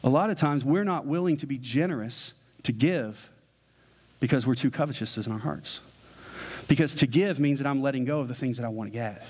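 A man's voice: medium pitch, brisk, a little mellow, breathy edge, long reverb tail. A pastor giving a conversational sermon, asking his listeners questions and joking with them. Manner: conversational, asks the congregation questions, jokes.

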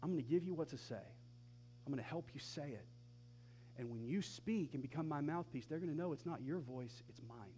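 A man's voice: medium pitch, lively intonation, a little fast, darkish tone, a little hiss or hum, natural voice. Brief: man reading God's lines in a sermon, fatherly and firm, everyday wording, pressing rhetorical questions. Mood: reassuring. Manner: casual modern phrasing, emphatic rhetorical questions. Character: God as a plain-talking father, patient, firm.

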